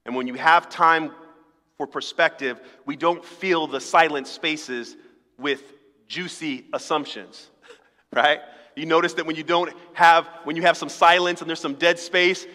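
A man's voice: fairly high pitch, steady tone, unhurried, pushed and bright. A man preaching a sermon as pastor, talking in a conversational, humorous way and acting out little dialogues. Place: church sanctuary. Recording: long reverb of a church hall.

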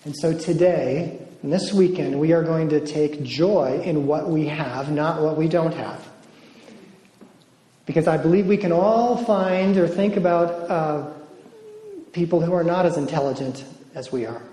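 Speaking at a conference, a man with a slightly high, warm voice preaches at an unhurried pace, earnestly leading the audience through call-and-response affirmations. The hall is echoey, and his words trail off in long reverb.

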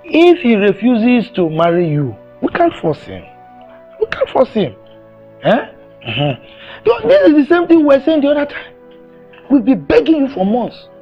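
Casting: a weary family elder, high animated voice, soft score underneath. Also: male voice, moderate pace, lo-fi sound, faint music behind, heavily acted. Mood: reasoning. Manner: weary, reasoning. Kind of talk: film drama acting.

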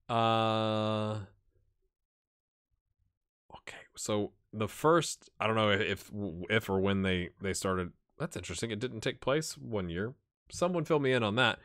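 Male let's-play host, bright voice, rambling and chatty, addresses viewers directly. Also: fairly low pitch, takes it slowly, smooth. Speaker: gaming channel host. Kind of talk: casual let's-play commentary.

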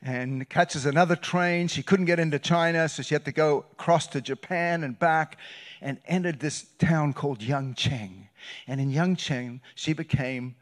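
Man, guest pastor, sermon storytelling, animated, swings from loud to hushed, church sanctuary. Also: on the high side, moderate pace. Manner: animated, shifts between loud bursts and hushed retelling.

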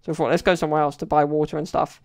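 A man's voice: fairly high pitch, little pitch movement, rapid-fire, vocal fry, a little mellow. A young man telling stories in a casual solo podcast, rambling and chatty with lots of "like" and "you know". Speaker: podcast host.

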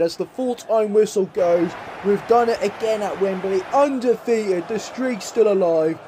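Excitable man commentating his game. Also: high-pitched, background noise. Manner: excitable, swings from muttering to shouting; casual swearing, self-talk. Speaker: gaming YouTuber. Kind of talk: let's-play match commentary.

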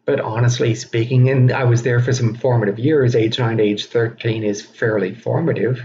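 A man giving a recorded teaching lecture, speaking slowly and deliberately with frequent fillers. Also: mid-range voice, steady tone, mellow. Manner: slow, deliberate, self-aware delivery with frequent fillers. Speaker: instructor. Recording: dull lo-fi recording with faint noise.

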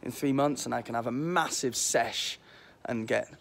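A man's voice: mid-range voice, normal speed, vocal fry. A man in his twenties with a mild Liverpool accent, chatting and joking casually as a vlog host while walking outdoors. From Liverpool, England. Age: 20s. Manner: cheeky, rambling, self-mocking. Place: outdoors in a windy back garden. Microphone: phone held while walking. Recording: faint wind noise outdoors.

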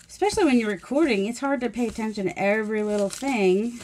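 A woman's voice: fairly high pitch, fast, few pauses, darkish tone, a little hiss or hum. Chatty rambling woman crafting. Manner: rambling, musing aloud while working; self-deprecating. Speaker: mixed media crafter.

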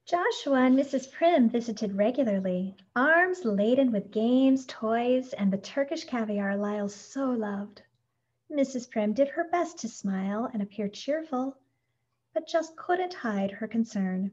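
A woman reads a children's picture book aloud with gentle expression. Her voice sits a little high. The recording is dull and lo-fi. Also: animated, a little slow. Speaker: storyteller. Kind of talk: scripted storybook narration.

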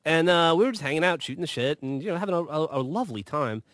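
Casual storyteller man, fairly high voice with lots of pitch swing, acts out every line. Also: fast, no echo, studio quality. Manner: animated, swearing, acts out quoted lines. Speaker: podcast host telling stories.

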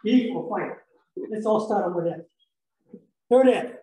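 A man's voice: high-pitched, a little slow, mellow. Man lecturing in an echoey room, far off. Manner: playful, rambling, quizzes the audience. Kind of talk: lively classroom lecture with jokes.

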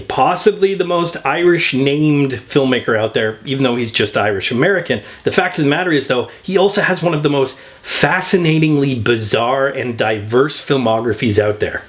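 A man hosting a comedic film review, talking with wry, joking asides. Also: mid-range voice.

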